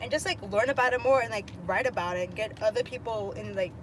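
A young woman vlogger chatting casually in a moving car, swearing a lot and laughing loudly. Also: on the high side, fast talker. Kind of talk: casual chat. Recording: noisy car interior. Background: car noise.

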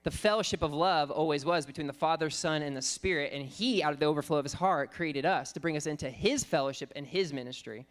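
Guy preaching a sermon, kinda high voice, earnest, slows down on the verses. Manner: earnest teaching, quotes scripture slowly, thinks aloud with fillers.

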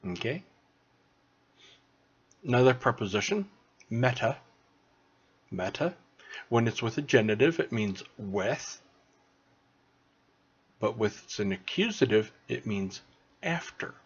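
A man tutoring beginners through a recorded online language lesson, slow and patient, checking in with "okay?" after each point. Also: fairly low pitch, expressive, breathy edge, dull audio. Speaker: Greek tutor.

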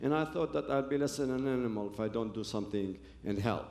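This is a fast-talking man with a medium pitch and a darkish tone, recorded with a roomy sound. He earnestly relates his own story as a testimony to an audience, often breaking off mid-phrase and beginning again.

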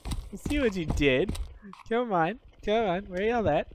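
Loud, cussing man yelling taunts. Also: sits high, lively intonation, a little slow, background noise. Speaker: gamer streamer. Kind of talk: trash-talking in game voice chat.

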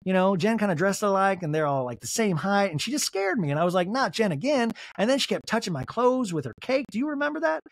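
A man imitating a blunt older woman from a reality show, who talks in a slow, flat, matter-of-fact way. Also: high voice, no echo, studio quality, voice pushed up. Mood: complaining.

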